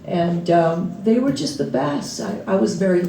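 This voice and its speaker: A woman's voice: fairly low pitch, normal speed, dark tone, recorded from a distance. Woman, middle-aged, storyteller, laughs a lot, echoey room, faint hum behind. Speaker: author at a book launch. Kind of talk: storytelling talk on stage. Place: music venue before a live crowd.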